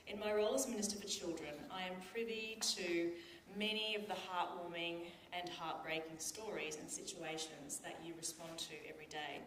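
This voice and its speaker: A woman's voice: lowish voice, a little hiss or hum. A woman, a government minister, giving an earnest, heartfelt formal speech to people at an event. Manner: earnest, heartfelt, emotional in places. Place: large function room. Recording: echoey room, mic from a distance.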